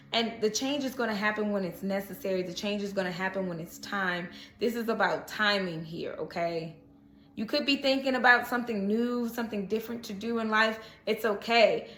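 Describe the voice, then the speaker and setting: A woman talks through a casual tarot reading in a bright, slightly high voice. She speaks in a chatty, reassuring way and keeps checking in with the listener. The room around her is echoey. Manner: chatty, reassuring, frequent "okay?" check-ins. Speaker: tarot reader. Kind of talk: casual spiritual reading to camera.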